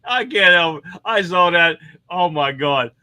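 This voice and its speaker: A man's voice: sits high, lively intonation, measured pace, sharp tone, smooth, dry recording. A man hosting an online talk show, chatting in a folksy, amused way before clips. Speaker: host of a political talk show. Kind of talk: casual show commentary.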